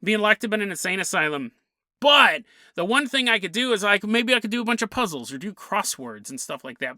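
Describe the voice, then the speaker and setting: Man, podcast host, bouncy pitch, bright tone, jokey storyteller who acts out the lines. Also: fast, no echo, studio quality. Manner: animated, laughs often, acts out characters' lines. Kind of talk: casual comedic storytelling.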